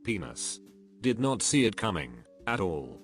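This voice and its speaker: A man narrating a series of reader-submitted stories in a steady, even, scripted reading. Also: lowish voice, unhurried. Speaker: narrator reading online posts. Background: faint background music.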